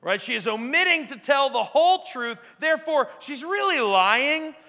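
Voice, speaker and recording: A man preaching a sermon as pastor, emphatic and swinging between quiet reflection and loud exclamation, often asking "right?". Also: very high voice, sing-song, normal speed, long reverb tail. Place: church sanctuary.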